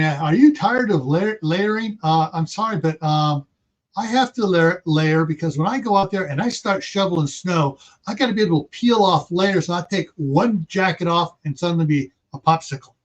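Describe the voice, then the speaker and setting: A man hosting a casual livestream, chatting in a rambling, folksy way. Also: on the high side. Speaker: livestream host. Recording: dull lo-fi stream audio.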